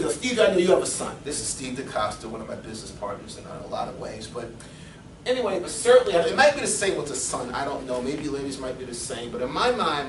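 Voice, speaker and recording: A middle-aged man, a fitness coach, telling personal stories in a seminar talk with animated delivery and frequent chuckles. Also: medium pitch, background noise. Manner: animated storyteller, chuckles often. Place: seminar room. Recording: echoey room from far off.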